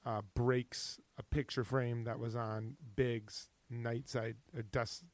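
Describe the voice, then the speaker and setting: Male podcast co-host, mid-pitch, halting and opinionated, dry close mic. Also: little pitch movement, no echo. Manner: halting, many fillers and restarts, opinionated. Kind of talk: casual chat recapping a TV show.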